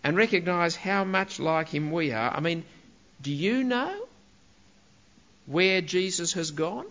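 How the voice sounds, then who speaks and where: Emphatic male preacher, slightly high, animated pitch; dull lo-fi recording. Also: takes it slowly. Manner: emphatic, rhetorical questions, stressing key words. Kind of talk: sermon.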